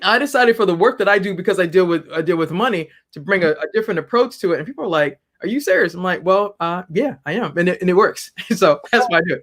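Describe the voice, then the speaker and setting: A woman business founder as a guest on an interview show, talking in an animated, humorous way with frequent restarts. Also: fairly low pitch, fast, hardly any pauses. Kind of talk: interview conversation.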